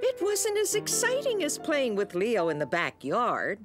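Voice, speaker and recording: A woman giving simple, gentle scripted narration for an animated children's series. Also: a little high, unhurried, music in the background.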